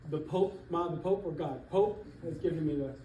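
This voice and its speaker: A middle-aged man, a real estate coach, giving an animated motivational seminar talk to an audience in a church hall. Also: on the high side, moderate pace, lo-fi sound, a little hiss or hum. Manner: emphatic, animated, laughs between points. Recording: echoey hall, voice from far off.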